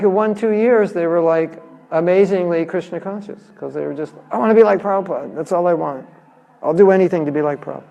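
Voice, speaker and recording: In a large, echoing temple hall, an American man with a somewhat high, slightly mellow voice gives a lively scripture lecture. His spiritual class feels conversational and funny, and he acts out short quotes as he goes.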